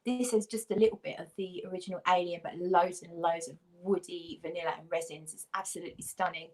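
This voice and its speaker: A woman's voice: on the low side, steady tone, fast talker, a little mellow. A woman from Britain, a guest on a livestream, chatting casually and enthusiastically about fragrances. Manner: chatty, gushing about scents. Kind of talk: casual chat.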